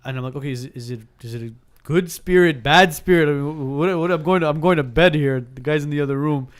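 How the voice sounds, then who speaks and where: A man's voice: fairly high pitch, quick pace. A man in his thirties telling a ghost story in a casual podcast chat, acting out the dialogue and often restarting his sentences. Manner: animated, acts out dialogue, frequent restarts.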